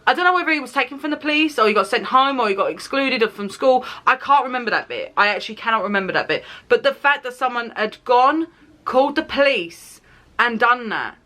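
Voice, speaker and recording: A British woman in her twenties, an animated and dramatic storyteller who laughs and swears while she vlogs. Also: a little high. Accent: British English. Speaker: YouTuber. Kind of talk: storytime vlog.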